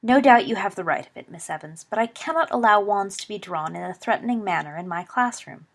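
A stout older professor scolds his students in sharp, formal tones in an audiobook story. A woman reads the part with a slightly raised, firmer voice. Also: mid-range voice, animated, fairly quick. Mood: stern. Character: fussy portly older male professor, stern.

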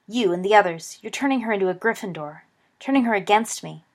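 A woman's voice: animated, fast. A woman reading aloud, voicing a sullen, hostile teenage wizard boy who hisses and snarls his lines. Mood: menacing. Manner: hissing, snarling, low and menacing.

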